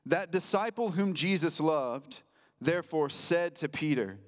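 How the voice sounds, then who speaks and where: Conversational preacher in an echoing church. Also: male voice, on the high side, animated. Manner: conversational, slows for emphasis, acts out quotes. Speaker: pastor. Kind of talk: sermon. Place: church sanctuary. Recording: reverberant church hall.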